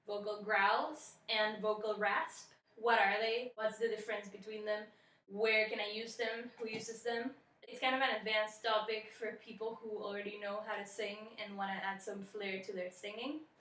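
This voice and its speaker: Young woman, singing teacher, brisk explanatory tone, bright voice, echoey room. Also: mid-range voice, recorded from a distance. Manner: brisk and explanatory, demonstrates effects with her voice. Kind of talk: vocal tutorial.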